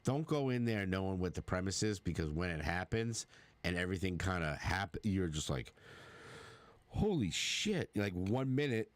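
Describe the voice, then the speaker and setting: A man's voice: low-pitched, animated, brisk, no room sound. A man co-hosting a podcast, chatting casually and rambling with plenty of fillers. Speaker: podcast co-host. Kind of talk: casual movie chat.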